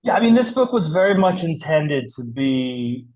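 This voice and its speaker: Animated, rambling man in his forties. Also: on the high side, moderate pace. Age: 40s. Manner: animated, rambling, swears freely, laughs often. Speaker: comic book writer, guest. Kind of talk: casual interview chat.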